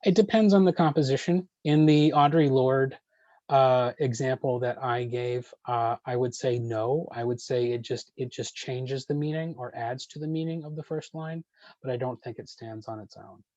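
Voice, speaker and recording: Measured man leading a poetry workshop. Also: mid-range voice, darkish tone, dry recording, highs cut off. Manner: measured, with frequent ums and uhs. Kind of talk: online workshop talk answering questions.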